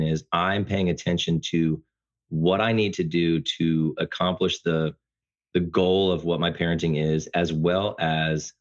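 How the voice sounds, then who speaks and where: Man, very deep voice, booming, passionate, slightly dull lo-fi sound. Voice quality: loud booming voice. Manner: passionate, animated storytelling. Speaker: podcast guest. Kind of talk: casual conversation.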